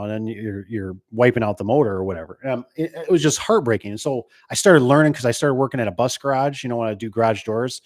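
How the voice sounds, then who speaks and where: A man's voice: medium pitch, darkish tone. A middle-aged man who runs a garage door business, chatting casually about trucks in a rambling way, full of restarts and acted-out quotes. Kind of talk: casual chat.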